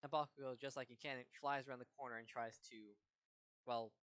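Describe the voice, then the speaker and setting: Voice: medium pitch, fairly even intonation, brisk, fairly bright tone, clean tone. Stammering casual co-storyteller. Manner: narrates in "as he..." run-on chains, some stammers. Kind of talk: casual improvised fan-fiction retelling.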